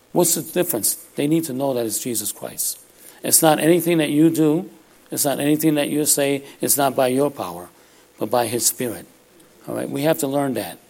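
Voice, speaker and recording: A man preaching a sermon with a gravelly edge to his voice. He talks in a loose, conversational way, often pausing to ask his listeners "all right?" His pitch sits in an ordinary middle range for a man, neither high nor low. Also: darkish tone.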